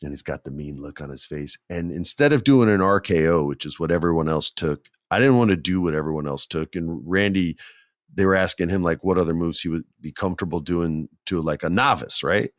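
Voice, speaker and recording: Deep-voiced man telling animated stories. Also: fairly quick, no echo, clean studio sound. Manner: animated, acts out quotes with big jumps in pitch, laughs often. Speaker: podcast host. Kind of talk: casual storytelling.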